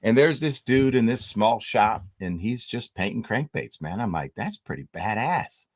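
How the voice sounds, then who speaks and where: Low, relaxed man hosting a chat. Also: moderate pace, no room sound, clean studio sound. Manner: laid-back, says "man" and "dude" a lot. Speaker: host. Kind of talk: casual live-stream chat.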